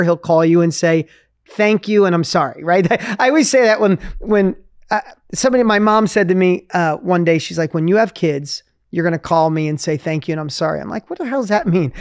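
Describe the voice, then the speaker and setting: A man in his fifties hosting a podcast, talking in an energetic, coaching way and acting out inner voices. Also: high voice, dry recording, clean studio sound. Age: 50s. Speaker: podcast host. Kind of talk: motivational conversation.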